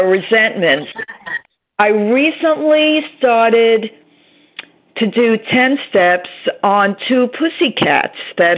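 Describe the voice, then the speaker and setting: Woman from new york sharing at a meeting, really slow, tinny phone line. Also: mid-range voice. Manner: slow, grateful, conversational. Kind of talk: personal share at recovery meeting. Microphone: phone call.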